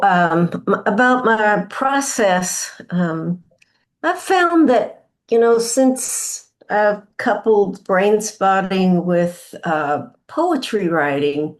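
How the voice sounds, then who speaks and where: A woman reading her own poetry aloud on a video call, slow and halting, with fillers when she talks about her process. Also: medium pitch. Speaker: poet reading her work.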